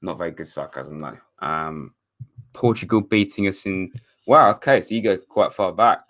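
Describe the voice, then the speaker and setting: He speaks at normal speed in a low voice with a fairly bright tone. A young man from England, he hosts a live watchalong stream, answering viewer comments in a rambling, self-correcting way full of sarcastic, wry asides.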